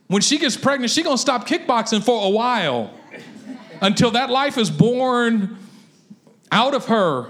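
A pastor preaches a sermon in a high, bright-toned voice. He tells stories animatedly and leans into his points, keeping his delivery lively and conversational.

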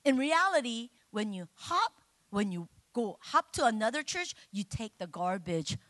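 A middle-aged woman preaching a sermon, chatty and humorous with the congregation and bursting into loud, emotional exclamations. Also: on the high side, sing-song, a little slow, no echo.

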